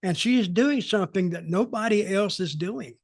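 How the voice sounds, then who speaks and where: A man's voice: sits high, normal speed, no room sound, studio quality. An American man hosting a podcast, giving folksy, opinionated takes in a rambling, storytelling way. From United States. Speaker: podcast host, wrestling veteran. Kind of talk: casual podcast chat.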